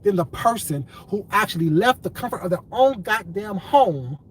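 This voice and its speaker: High-pitched man ranting into the camera. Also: expressive, normal speed, slight background noise, low-quality recording. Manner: profane, repetitive, confrontational. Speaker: commentary vlogger. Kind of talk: ranting commentary vlog.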